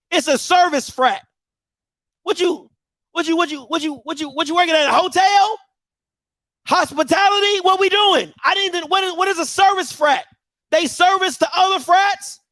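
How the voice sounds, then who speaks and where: High pitched guy in his 30s going off on a mocking rant, fires question after question, yells sometimes, dry close sound. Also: dry recording. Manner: mocking, rapid-fire rhetorical questions, bursts of shouting. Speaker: show host. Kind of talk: heated commentary rant.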